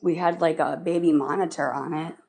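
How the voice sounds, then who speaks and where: Low-voiced woman chatting on a livestream. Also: fairly even intonation, brisk, darkish tone, poor audio. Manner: emotional, rambling retelling with many fillers. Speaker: livestream host. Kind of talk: casual livestream chat.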